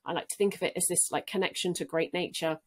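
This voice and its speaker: Earnest woman explaining gently. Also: on the low side, steady tone, fast. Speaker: guest. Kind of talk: casual interview talk.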